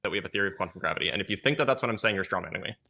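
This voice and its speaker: A man's voice: low voice, expressive, very fast, gravelly, bright, forceful tone. A man in a heated online debate, insistent and precise, often cutting in.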